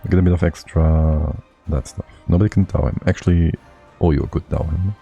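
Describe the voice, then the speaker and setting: A man live-streaming a strategy game, talking his moves through half to himself. His voice sits very low and dark, with a husky edge to it. He mutters and chuckles between thoughts. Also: steady tone, brisk, faint music behind.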